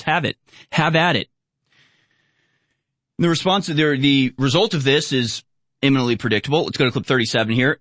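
A man's voice: medium pitch, fairly bright tone, no echo. Sarcastic ranting male host. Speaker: political commentary host. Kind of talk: online commentary over video clips.

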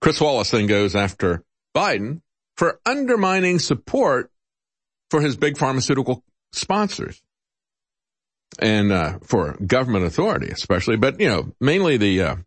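A man's voice: normal speed, no room sound. A man hosting a political talk show, giving opinionated commentary with sarcasm and mocking voices when he quotes others. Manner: animated, rising pitch in quotes.

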